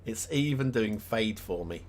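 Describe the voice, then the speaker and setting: Fairly low in pitch, with lively intonation and an unhurried delivery, a man chats casually on a stream while looking over game maps. He thinks aloud, stumbling through ums and restarts, and keeps chuckling at his own expense.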